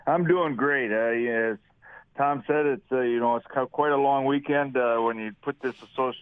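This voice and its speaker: An older man, a retired football coach, speaking on a radio interview with fillers and halting restarts. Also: mid-range voice, smooth, no room sound. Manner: halting, with fillers and self-corrections. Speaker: retired high school football coach, guest. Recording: tinny phone line.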